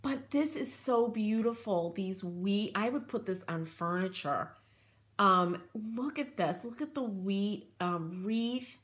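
On her craft channel, a woman chats casually in a slow, expressive, medium-pitched voice that's a bit bright. She gushes with enthusiasm and rambles through asides in this show-and-tell chat.

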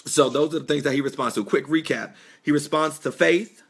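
A man's voice: on the high side, brisk, vocal fry, husky. A young man preaching a sermon on a live stream, telling a personal testimony with fervent, swelling emphasis and casual asides. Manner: impassioned, rising and falling emphasis, conversational asides. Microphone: phone or webcam live stream.

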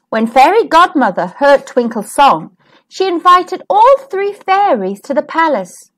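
Reading a picture book to children, this woman sounds gentle and expressive, taking her time. Her pitch is high and lively, sweeping widely up and down as she narrates like a storytime host.

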